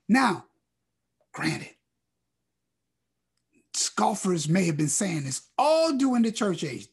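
Husky preacher, slow and dramatic. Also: male voice, high voice, big pitch swings. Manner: dramatic swings from loud declaring to hushed near-whispers. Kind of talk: sermon with scripture reading.

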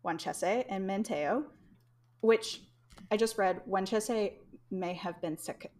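A woman's voice: mid-range voice, slow pace, darkish tone. A young woman hosting a casual podcast, telling history in a rambling way with frequent laughs. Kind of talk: casual chat.

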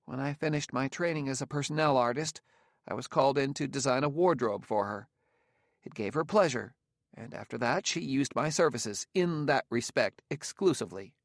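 A man reading an audiobook, voicing a young male courtier who is tense, proud and quickly indignant. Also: medium pitch, no room sound, clean studio sound, pitched above the performer's own voice, lightly acted. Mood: defensive.

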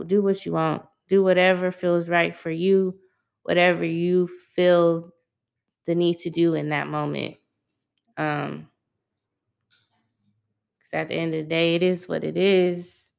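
A young adult woman hosts her own solo podcast, chatting in a laid-back, conversational way full of loose, slangy phrasing. Her voice is lowish and gravelly.

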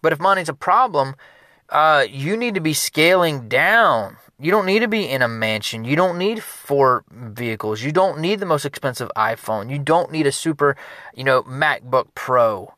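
A man, a business consultant, giving an energetic motivational talk in a conversational, repetitive way. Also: fairly high pitch, moderate pace, no echo, studio quality.

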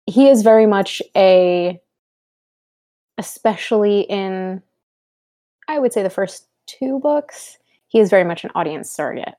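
A young woman in casual discussion, chatty and quick, explaining her points with examples and asides. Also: medium pitch, expressive, warm tone. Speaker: podcast co-host.

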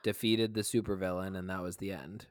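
A man co-hosting a podcast in casual chat, deadpan and dry, with many "like" fillers. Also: low voice, brisk, dry recording. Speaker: podcast co-host.

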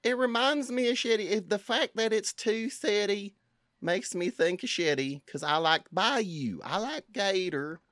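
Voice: medium pitch, expressive, normal speed, bright, forceful tone, no echo, clean studio sound. A performer playing a flirty, scatterbrained woman judge on a cooking show, camp and teasing. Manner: camp, teasing, bawdy banter. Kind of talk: improvised comedy role-play.

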